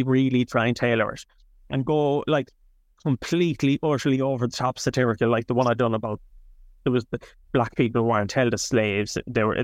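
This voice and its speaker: An Irish man in his thirties, a comedian chatting as an interview guest in a rambling, animated way that swears freely. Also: mid-range voice, dry recording, clean studio sound. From Ireland. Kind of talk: casual interview chat.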